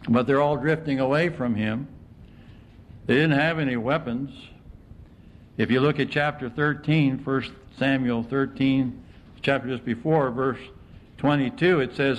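A man's voice: mid-range voice, moderate pace. A man preaching an informal sermon to a congregation, chatty, often putting questions to his listeners. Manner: conversational, asks the audience questions.

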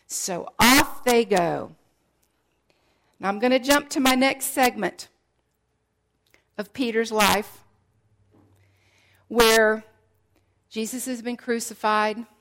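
A woman's voice: on the high side, takes it slowly, pauses often, fairly bright tone. A woman preacher delivering a sermon, retelling a story and acting out its scenes.

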